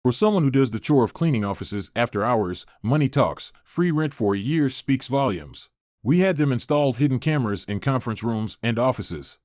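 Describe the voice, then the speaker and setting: A man narrating a first-person story in a scripted, even reading voice. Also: mid-range voice, moderate pace, no echo, studio quality.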